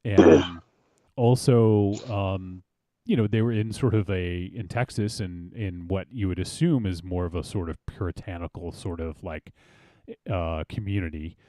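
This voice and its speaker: Low, mellow-voiced man hosting a podcast. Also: a little slow, dry recording, studio quality. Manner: relaxed, rambling, many fillers. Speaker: podcast host. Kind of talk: casual film discussion.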